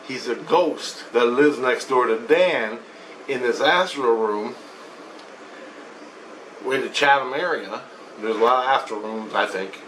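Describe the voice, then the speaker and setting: A man's voice: medium pitch, a bit bright, recorded from a distance, slight background noise, rough recording. A man telling a story about his spiritual experiences in a rambling, profane way. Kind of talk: casual storytelling monologue.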